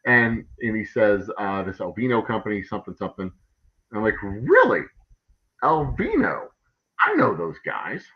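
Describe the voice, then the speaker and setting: A man's voice: on the low side, brisk, dull audio. A man, a distillery owner telling a long, rambling story on his livestream, full of fillers, restarts and swearing. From Texas.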